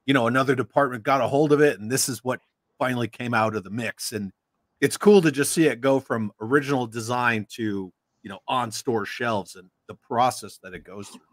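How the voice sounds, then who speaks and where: Chatty guy hosting a stream, shouting out chat, dry close sound. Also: medium pitch, brisk, no room sound. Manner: chatty, greets viewers from chat. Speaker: host. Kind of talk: casual livestream interview.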